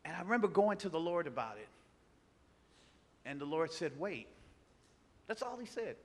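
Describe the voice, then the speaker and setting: A man preaching a sermon, telling a personal story with animated delivery and acting out the voices of the people in it. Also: fairly high pitch, brisk. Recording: long hall reverb.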